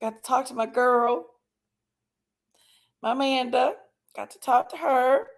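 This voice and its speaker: Slow-talking high-voiced woman. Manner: greets viewers one by one by name, affectionate; emotional, voice sometimes tearful. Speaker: livestream host. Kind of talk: casual livestream chat.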